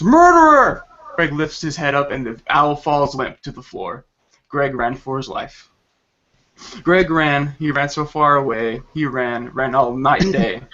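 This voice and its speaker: A man with a forceful, bright voice reads a crude comic tale aloud, often breaking into laughter and tripping over his words. The recording is slightly dull and lo-fi. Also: fairly high pitch. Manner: laughs while reading crude lines, stumbles over words. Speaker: podcast host reading a story. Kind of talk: comedic story reading.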